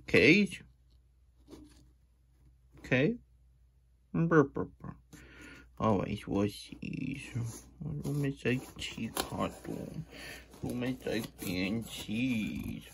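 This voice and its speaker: A man's voice: mid-range voice, gravelly, husky, full character voice. A man voicing a simple-minded, childlike hedgehog who hosts a storytime, speaks of himself in the third person with broken grammar, and hums little brr sounds. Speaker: storytime host.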